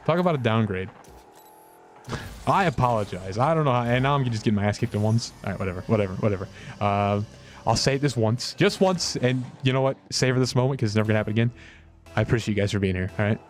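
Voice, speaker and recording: Rambling young man streaming a game. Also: a little hiss or hum. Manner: rambling, self-mocking, quick pitch swings. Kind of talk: casual gameplay commentary.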